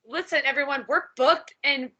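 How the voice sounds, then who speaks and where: A woman hosts a loose podcast conversation, speaking bluntly and swearing often. Her voice sits a little high and sounds bright and sharp. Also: moderate pace, highs cut off. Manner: blunt and profane. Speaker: podcast host. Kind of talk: casual chat.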